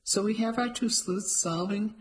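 A narrator voicing a prim, cheery and stubborn elderly woman in an audiobook, with a lifted, bright delivery. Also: medium pitch, moderate pace, pitched above the performer's own voice, natural voice. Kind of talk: audiobook character voice.

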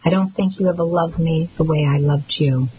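A woman reading the lines of a hurt, bitter young man in an audiobook, quiet and clipped. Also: low voice, steady tone, normal speed, slight background noise, natural voice, rough recording.

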